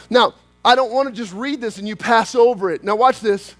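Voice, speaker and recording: A man preaching a sermon as pastor, swinging from loud, animated outbursts to quiet, hushed lines. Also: very high voice, a little fast, no room sound.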